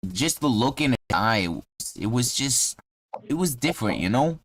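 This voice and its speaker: A man's voice: medium pitch, lively intonation, moderate pace, slight background noise. A man narrating as game master in a casual tabletop game chat.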